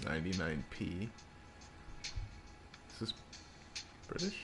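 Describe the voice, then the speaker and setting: Low-voiced man rambling over game music. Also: big pitch swings, slow pace. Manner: rambling, profane, self-amused. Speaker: gaming streamer. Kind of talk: casual gameplay commentary.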